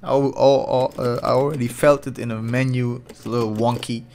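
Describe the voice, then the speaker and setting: A man giving casual, excitable, profane commentary while playing online ranked fighting-game matches. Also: mid-range voice, fairly quick, vocal fry, a little hiss or hum. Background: fighting game music and sound effects.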